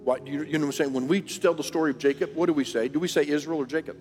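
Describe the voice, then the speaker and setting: A man's voice: fairly high pitch, steady tone, racing, darkish tone, faint music behind. A man preaching a sermon, in a conversational, earnest style that often restarts and talks straight to the congregation. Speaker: pastor. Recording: long reverb of a large hall.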